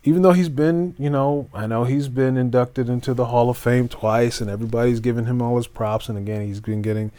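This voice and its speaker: A man's voice: mid-range voice, steady tone, fairly quick, few pauses, dark tone, no echo. Rambling man hosting a podcast, dry sound. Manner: rambling, with many fillers and restarts; mock-grand announcer flourishes. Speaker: wrestling podcast host. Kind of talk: solo casual podcast chat.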